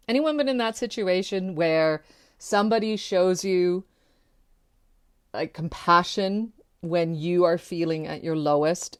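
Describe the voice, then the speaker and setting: A woman's voice: fairly low pitch, clear, resonant tone. A woman telling a personal story to camera, candid and conversational, loose with little fillers. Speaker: keynote speaker.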